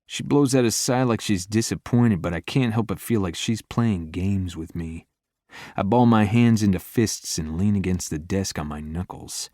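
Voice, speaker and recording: Male romance audiobook narrator, very low voice, intimate first-person read, dry booth. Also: normal speed, warm tone, dry recording.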